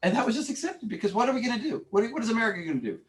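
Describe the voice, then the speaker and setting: A man teaching a class, arguing his opinions in an animated, informal way with many restarts. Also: extremely high pitch, racing, over a noisy crowd. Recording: voice from far off in a classroom.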